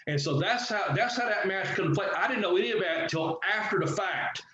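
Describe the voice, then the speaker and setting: A middle-aged former wrestler telling a story in a casual interview, animated and swearing freely as he acts out what others said. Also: high-pitched, brisk. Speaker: guest, former pro wrestler. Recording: echoey, dull, slightly noisy audio.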